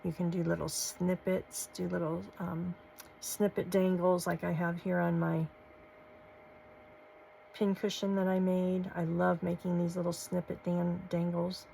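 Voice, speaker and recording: Woman crafting host, low and flat, gravelly, leisurely and gushing. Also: measured pace, a little hiss or hum, poor audio. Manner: gushing, soft-spoken, folksy. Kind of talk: casual show-and-tell vlog.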